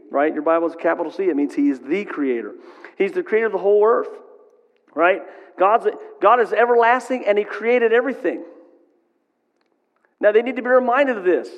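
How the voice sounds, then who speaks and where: A middle-aged male pastor preaching in a conversational way, often checking in with the congregation. His voice is a little high and sits in a long hall reverb. The sound is dull and muffled. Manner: conversational, asks the crowd "right?". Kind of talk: sermon.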